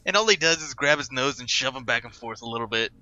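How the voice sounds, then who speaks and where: A man cracking jokes between the other hosts' points in a casual movie chat. His voice is very bright and sharp. It comes through a dull, lo-fi microphone. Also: mid-range voice, expressive, fast. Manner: wisecracking asides. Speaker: podcast co-host.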